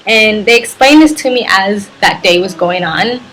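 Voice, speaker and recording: A woman's voice: medium pitch, normal speed. A young woman telling a travel story on her vlog, acting out the dialogue and filling it with "like". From United States. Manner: animated retelling, heavy use of "like". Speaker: travel vlogger.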